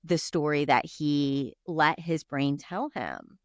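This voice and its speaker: A woman's voice: deep voice, slow pace, no room sound, clean studio sound. A woman co-hosting a casual chat, talking freely with many fillers. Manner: giggly, chatty, frequent "like" and "um". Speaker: podcast co-host.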